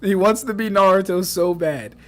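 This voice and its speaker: At a normal speed and with a fairly bright, high voice, a young man reviews fan debates on a livestream, swearing freely. He picks apart the text with mocking disbelief, repeats things for effect, and keeps laughing.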